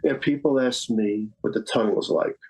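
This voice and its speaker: A man in his fifties from Staten Island, speaking as an interview guest. He tells a personal story in an earnest way at a middle pitch, and he comes back to the same phrases to press his point. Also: moderate pace, vocal fry, a little mellow, slightly rough, low-quality recording. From Staten Island, New York. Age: 50s. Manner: earnest, repeats phrases for emphasis. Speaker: psychic medium guest.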